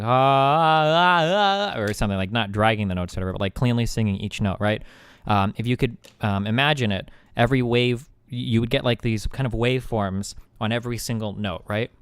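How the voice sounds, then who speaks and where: A man's voice: lowish voice, smooth, no echo. A man casually explaining something on a live stream, rambling, searching for words and restarting his sentences often.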